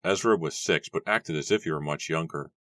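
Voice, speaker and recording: A man reads an audiobook in a steady, measured voice. His voice sits extremely low, and the recording is close and dry with no room sound. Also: no room sound. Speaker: audiobook narrator. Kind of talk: scripted audiobook narration.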